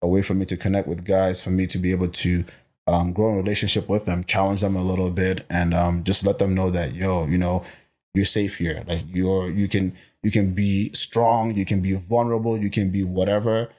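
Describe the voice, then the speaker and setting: A young man from Botswana talks as a guest in a relaxed interview, his voice sitting fairly low. He speaks emphatically and with animation, often repeating words as he works out what he means. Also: fairly quick. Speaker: guest, personal trainer. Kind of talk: casual interview chat.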